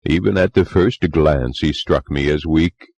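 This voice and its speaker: A man's voice: extremely low pitch, a little slow, darkish tone, breathy edge, no echo, heavily acted. A man reading a story voices a middle-aged clubman who earnestly and wryly tells of a ghost he met. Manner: musing, confiding, wry. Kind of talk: audiobook character reading.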